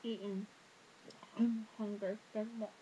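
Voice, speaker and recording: A woman's voice: medium pitch, little pitch movement, slow, warm tone, a little hiss or hum, rough recording. A teenage girl, ranting casually to camera with lots of fillers, exasperated. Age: teens. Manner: exasperated, rambling with many fillers. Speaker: vlogger.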